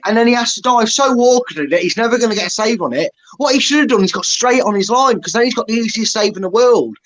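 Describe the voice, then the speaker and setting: Man, fairly high-pitched, angry blunt fan rant, sweary. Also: animated, fast, hardly any pauses, a bit bright, highs cut off. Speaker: football fan pundit.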